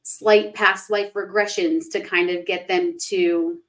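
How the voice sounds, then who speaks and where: A woman's voice: on the low side, steady tone, slow, a bit bright, rough recording. A young woman, a spiritual life coach, hosting a casual livestream chat and acting out quoted thoughts in a raised voice.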